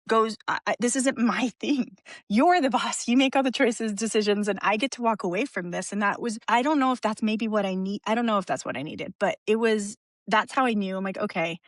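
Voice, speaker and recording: A woman talks openly as a guest on a podcast. She is emotional and frank, circling back and restarting her thoughts with small laughs. Her voice sits at an ordinary pitch in a dry, close recording. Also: no echo. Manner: open and emotional, rambling with restarts and soft laughs. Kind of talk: candid conversational interview.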